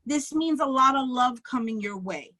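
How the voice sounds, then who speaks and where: Woman, Bronx accent, high bright pitch, dry close sound, blunt casual tarot reading. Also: expressive, moderate pace, dry recording, low-quality recording. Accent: New York (Bronx). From the Bronx, New York. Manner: casual and blunt, keeps checking in with "okay?", swears freely. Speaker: psychic tarot reader. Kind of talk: tarot reading on a live stream.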